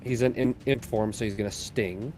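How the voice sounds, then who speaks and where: A man's voice: mid-range voice, steady tone, moderate pace, dark tone, soft background music. A man playing a tabletop game, talking casually and hesitantly and swearing a lot. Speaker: player.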